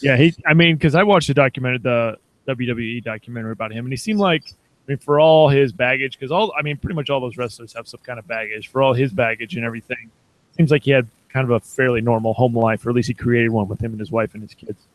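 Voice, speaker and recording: A man's voice: mid-range voice, fast, dry recording, low-quality recording. A man in his thirties co-hosting a podcast, rambling casually with laughs and self-deprecating asides. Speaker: podcast co-host. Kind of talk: casual chat.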